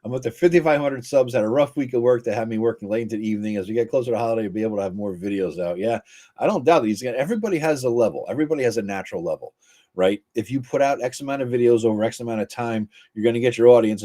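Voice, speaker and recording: A man hosting his channel, talking in a fast, rambling way and swearing casually. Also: medium pitch, mellow. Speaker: channel host. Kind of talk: casual chat.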